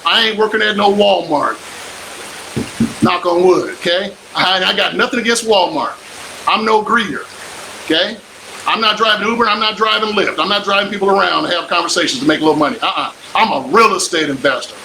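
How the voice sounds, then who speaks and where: Emphatic older man, bright, high voice. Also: a little fast, vocal fry, a little hiss or hum, low-quality recording. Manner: preachy, emphatic, repeats lines for effect. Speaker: real estate investor and coach. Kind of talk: motivational live stream pitch.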